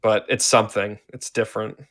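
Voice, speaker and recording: A man co-hosting a casual chat, laid-back, chuckling often and trailing off softly. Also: on the low side, flat delivery, fairly quick. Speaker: podcast co-host.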